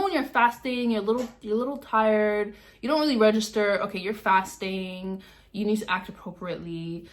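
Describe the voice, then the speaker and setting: A young woman vlogger telling a dramatic story in a casual, animated way, full of fillers and acted-out sounds. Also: medium pitch, a little fast.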